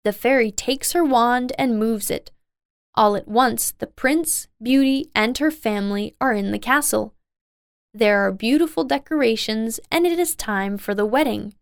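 A woman narrating a simple storybook in a slow, plain, even way. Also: on the high side, vocal fry, clear, resonant tone, dry recording, clean studio sound. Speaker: reader.

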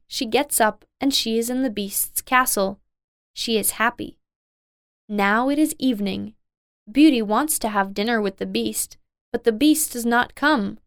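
Clear-voiced woman reading a storybook. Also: on the high side, no room sound, clean studio sound. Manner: slow, simple and even. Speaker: reader. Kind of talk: scripted storybook narration.

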